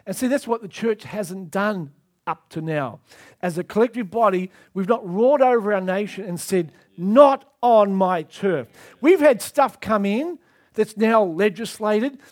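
A man's voice: high-pitched, normal speed, a little mellow. A man preaching a sermon with emphatic, repetitive delivery.

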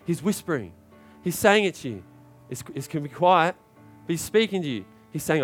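A man preaching a sermon to a congregation, urging and repeating himself, building to shouted peaks. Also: a little high, big pitch swings, moderate pace, soft background music. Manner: urgent, repetitive exhortation with rising shouted climaxes.

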